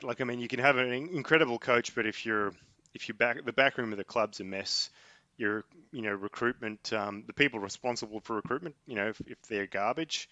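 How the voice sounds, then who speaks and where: A man's voice: lowish voice, sharp tone, dry recording, dull audio. A man co-hosting a casual sports podcast, wry, often stopping and restarting his sentences. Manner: hesitant, many fillers and restarts, wry. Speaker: podcast co-host.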